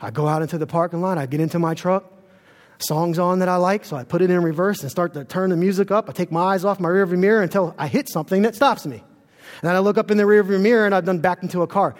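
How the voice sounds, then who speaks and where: A man's voice: sits high, fast, big-room sound. A man preaching a sermon as pastor in a church, earnest and storytelling.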